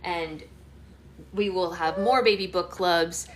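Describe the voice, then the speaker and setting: A woman hosting a book club live stream, chatting with her toddler in sing-song, animated baby talk. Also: on the low side, slow pace, slight background noise.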